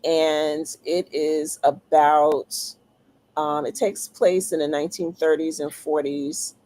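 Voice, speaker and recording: A woman with a fairly low voice speaks slowly and thoughtfully as an interview guest. She pauses often and fills the gaps with ums while she restarts her sentences. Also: little pitch movement, warm tone, rough recording. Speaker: author guest. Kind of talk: casual interview talk.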